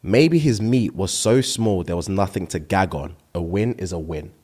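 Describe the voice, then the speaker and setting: A man's voice: deep voice, moderate pace, slightly rough. A man co-hosting a podcast in casual chat, reading out listener comments and laughing often. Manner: animated, reads comments aloud and laughs often. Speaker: podcast co-host.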